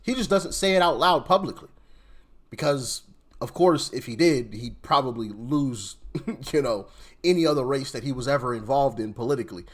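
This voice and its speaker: A man's voice: medium pitch, moderate pace. A man hosting a reaction commentary channel, talking casually and rambling, often repeating words and restarting sentences.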